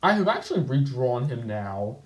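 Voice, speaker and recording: In this casual video commentary, a channel host talks about his old comic in a loose, meandering way, leaning on "like" and often correcting himself or starting over. He speaks at a normal speed with a medium-pitched, sing-song voice, captured in a roomy, low-quality recording.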